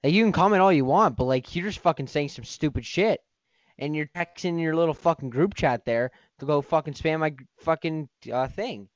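A man's voice: fairly high pitch, fairly quick, dry recording, lo-fi sound. A man hosting a podcast, ranting in a heated, profane, rambling way. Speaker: podcast host. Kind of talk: casual podcast rant.

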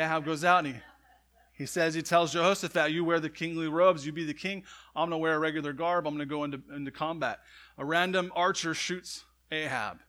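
A man's voice: a little high, bright, forceful tone. A man preaching a sermon, retelling a scripture story in a conversational way with frequent asides to the congregation. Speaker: pastor.

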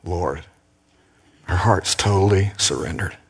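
A man preaching a sermon as a pastor, earnest and emphatic, slowing down with dramatic pauses. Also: low voice, fairly even intonation, fairly bright tone, long reverb tail.

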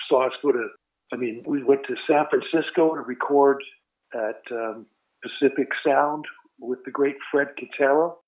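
Older man, musician guest, rambling anecdotes, tinny phone-line sound. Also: medium pitch. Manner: rambling, anecdotal, laughs at himself. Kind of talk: casual interview storytelling.

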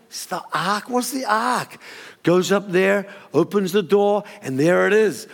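A man preaching a storytelling sermon, animated and acting out the characters with sudden high exclamations. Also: measured pace, vocal fry. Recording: long hall reverb.

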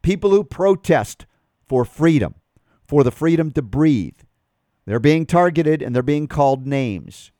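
A man's voice: a little high, expressive, unhurried, dark tone, dry recording, clean studio sound. A man hosting a talk radio show, reading an article aloud and adding emphatic commentary.

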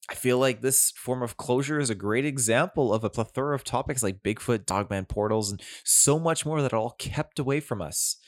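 A man's voice: mid-range voice, dry recording, clean studio sound. A man hosting an opinionated commentary vlog, talking in a conversational, skeptical way with digressive asides. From Canada. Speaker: commentary channel host.

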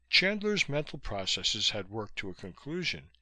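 A man narrates a novel in steady, scripted storytelling with a lively pitch. His tone is bright and the recording is close and dry. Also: normal speed, few pauses, dry recording. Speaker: audiobook narrator.

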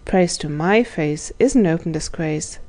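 A woman reading the part of a proud, courtly old gentleman prisoner in a storybook, speaking in old-fashioned formal phrases. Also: low-pitched, a little slow, voice pushed down. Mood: courteous. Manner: archaic courtly speech.

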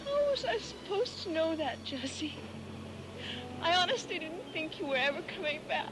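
A hurt young woman scolds the lover who left her. Her high voice swings widely with feeling. The film clip carries loud background noise. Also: sing-song, moderate pace. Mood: hurt reproachful. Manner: reproachful, upset.

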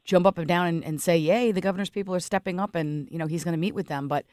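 A woman's voice: lowish voice, fast talker, a little mellow, dry recording. Host: an emphatic, sympathetic woman in a dry radio studio. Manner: sympathetic, emphatic, stumbling restarts. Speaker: radio talk show host. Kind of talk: talk radio interview.

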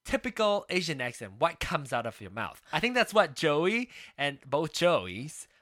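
A podcast co-host in casual chat, talking in a rambling, halting way with many restarts and trailing asides. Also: mid-range voice, sing-song, fairly bright tone, no room sound, clean studio sound.

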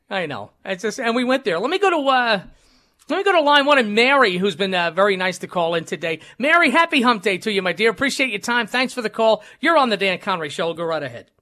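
A man's voice: sits high, big pitch swings, fast talker, bright, forceful tone. A male talk radio host, joking and laughing through his banter with many fillers.

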